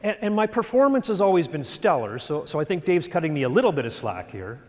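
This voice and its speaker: A middle-aged man giving a storytelling talk on stage, animated and self-deprecating. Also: a little high, fast talker. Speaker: speaker. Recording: long hall reverb.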